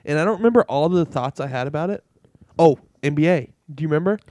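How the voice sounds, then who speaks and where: Young male podcast co-host, profane ranter, slightly high voice, dry sound. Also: animated, fast talker, a little mellow, no echo. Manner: profane, ranting, exasperated. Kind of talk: casual chat.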